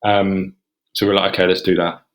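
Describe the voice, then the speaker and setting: A man in his forties from England tells a long personal story as a podcast guest. His voice sits on the low side, and he rambles casually, slipping into lifted voices when he quotes what he and others said. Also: flat delivery, fairly quick, fairly bright tone. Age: 40s.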